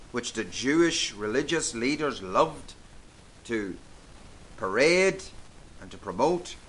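A man preaching a sermon, emphatic and deliberate, repeating key phrases for weight. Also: mid-range voice, fairly bright tone, a little hiss or hum.

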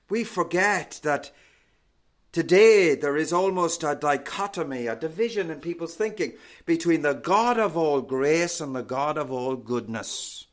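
Preacher, slow and deliberate, voice a bit high, trails off soft at the ends. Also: male voice. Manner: slow, deliberate preaching with falling phrase endings. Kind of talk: sermon.

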